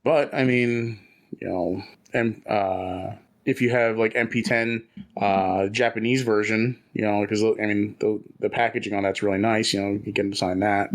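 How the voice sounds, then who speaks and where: A man's voice: fairly low pitch, fairly even intonation, moderate pace. A man co-hosting a casual podcast, rambling and chatty with frequent restarts. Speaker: podcast co-host. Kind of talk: casual chat.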